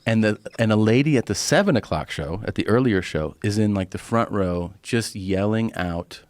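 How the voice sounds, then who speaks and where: A man telling a profane, animated story in a casual podcast chat. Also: fairly low pitch, moderate pace. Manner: animated storytelling, profane, acts out other people's lines. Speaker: stand-up comedian and podcast guest.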